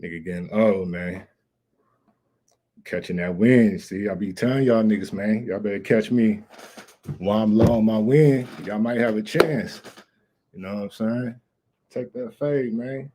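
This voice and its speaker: Deep-voiced laid-back male livestream host. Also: measured pace, pauses often, dark tone. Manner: laid-back, rambling, slangy. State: out of breath. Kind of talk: casual livestream chat.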